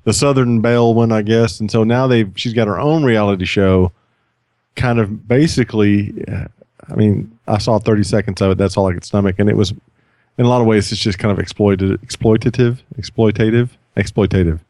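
A man's voice: on the low side, fairly even intonation, fairly quick, darkish tone, no room sound. A man co-hosting a casual podcast, giving wry, dry commentary on odd news stories. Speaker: podcast co-host. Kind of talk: casual chat.

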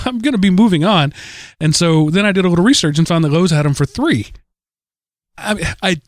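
A man's voice: sits high, expressive, fairly quick, no echo, studio quality. A man hosting a podcast in a casual, rambling way, with many restarts. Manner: rambling, full of restarts and fillers. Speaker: podcast host.

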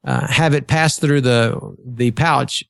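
A man talks in a relaxed, rambling way, leaning on fillers as he tells stories. His voice sits at an everyday middle pitch. The recording is dry, with no room sound. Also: slow pace, vocal fry, no room sound. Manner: chatty, storytelling, frequent fillers. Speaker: podcast guest. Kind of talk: casual chat.

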